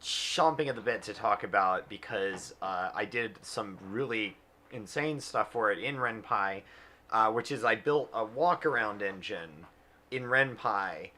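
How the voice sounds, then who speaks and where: A man's voice: on the low side, a little slow, sharp tone, a little hiss or hum. A man, the game's director and writer, chatting casually on a livestream, rambling with lots of fillers and laughs.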